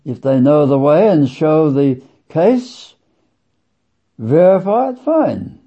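Husky guy preaching, slow and dramatic, dull lo-fi sound. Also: expressive. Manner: emphatic, sweeping swings in pitch and loudness; slow, deliberate, drawn-out phrasing. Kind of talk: sermon. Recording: dull lo-fi recording.

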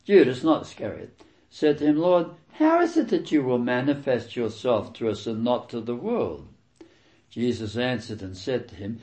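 A man preaching through scripture, reading verses and commenting on them with emphatic, repeated key words and sudden loud stresses. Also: mid-range voice, very animated, normal speed, echoey room.

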